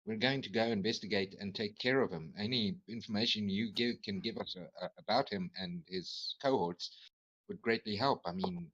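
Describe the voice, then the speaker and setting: A man's voice: lowish voice, moderate pace, a bit bright, highs cut off. A man playing a tabletop game over an online call, earnest and persuasive. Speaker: player. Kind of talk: casual chat and in-character talk.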